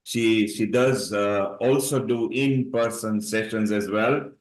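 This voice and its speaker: A man's voice: fairly low pitch, fairly even intonation, slow, roomy sound, poor audio. A man hosting a live online talk show on a video call, chatty, passing on viewer questions. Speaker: host.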